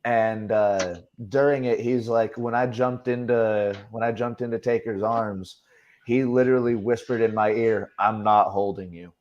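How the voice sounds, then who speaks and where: A man's voice: mid-range voice, fairly even intonation, a little slow, a little mellow. Easygoing male podcast host, dull sound. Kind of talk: casual chat.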